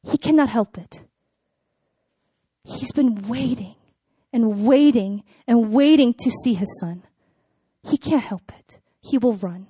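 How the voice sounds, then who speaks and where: A woman's voice: a little high, slow pace, pauses often, breathy edge, no room sound. Chatty young woman giving a dry, casual sermon. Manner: chatty and animated, filled with "like" and "you know". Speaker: speaker at a church gathering. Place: room with a live audience.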